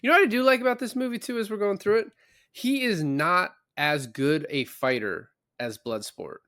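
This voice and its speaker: Reviewing a movie in a relaxed podcast chat, this co-host jokes and rambles and performs characters' lines himself. His voice is high-pitched with a fairly bright tone at normal speed, and the studio recording is clean, with no room sound.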